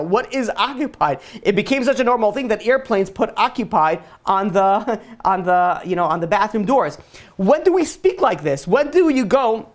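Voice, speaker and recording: Joking, digressive rabbi. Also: male voice, high voice. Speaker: rabbi teacher. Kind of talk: casual Torah lesson.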